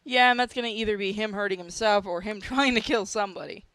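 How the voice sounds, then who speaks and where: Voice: medium pitch, quick pace, fairly bright tone, clean tone, dry recording. A host chatting casually, eager and playful, laughing often. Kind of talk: casual chat.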